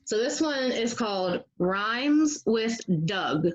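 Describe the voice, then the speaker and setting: A woman preschool teacher reading a picture book to young children, animated and asking them questions. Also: a little high, takes it slowly, highs cut off.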